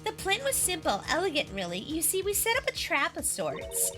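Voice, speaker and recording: Woman voicing a cocky Valley Girl card sharp. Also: extremely high pitch, wildly swooping pitch, moderate pace, faint music behind, heavily acted. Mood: boastful. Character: brash young female card dealer, cocky con artist.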